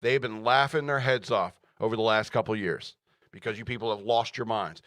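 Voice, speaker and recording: A man's voice: mid-range voice, expressive, normal speed, sharp tone, dry recording, clean studio sound. Sarcastic male radio host ranting. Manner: sarcastic, mocking, laughs often. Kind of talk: ranting news commentary.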